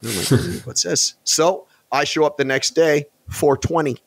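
A man's voice: a little high, moderate pace, creaky, no echo, clean studio sound. A man talking as a podcast guest in a casual interview, blunt and brash, swearing freely and acting out other people in put-on voices. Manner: acts out quoted people in different voices. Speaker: podcast guest, fitness business owner.

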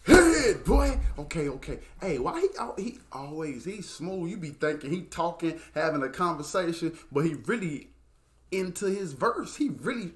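A man hosting a music reaction video, talking excitedly, exclaiming often and swearing freely. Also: fairly high pitch, normal speed.

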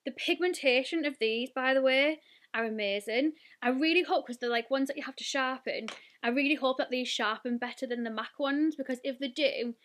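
A British woman in her twenties, a beauty vlogger chatting excitedly while unboxing and swatching, gushing with lots of "like" and "oh my god". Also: sits high, a little fast. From United Kingdom.

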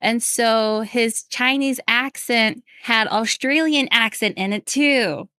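Slow-talking woman podcast host. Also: on the high side, clear, resonant tone, no room sound, studio quality. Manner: unhurried, relaxed storyteller, adds short affirming fillers. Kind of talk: casual interview chat.

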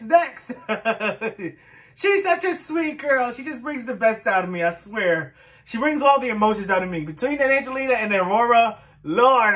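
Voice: mid-range voice, fairly bright tone. A music reaction host giving casual commentary, effusive and emotional, laughing often and talking straight to the viewers.

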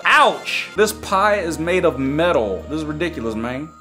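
A man in his twenties from Los Angeles, narrating a game roleplay with excitable, jokey commentary that breaks into yelps and shouts. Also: fairly high pitch, measured pace, few pauses, faint music behind. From Los Angeles, USA. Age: 20s. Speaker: YouTuber narrating gameplay.

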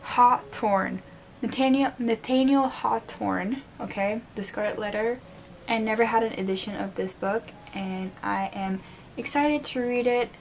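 Woman, French accent, fairly high voice, tired, chatty, self-deprecating, casual home unboxing. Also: measured pace, creaky, a little hiss or hum. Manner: chatty, self-mocking, stumbles over words. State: sleep-deprived, tired. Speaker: book vlogger. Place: home room with books on the floor.

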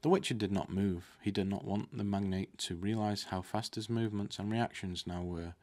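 Low-voiced man reading a novel aloud. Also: normal speed, a little mellow. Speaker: audiobook reader.

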